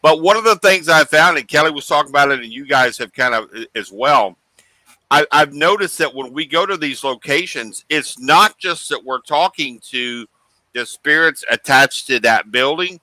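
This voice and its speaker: A man guesting on a podcast, telling animated stories in casual chat and acting out the voices he quotes. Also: a little high, moderate pace, dry recording, rough recording. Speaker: guest paranormal investigator.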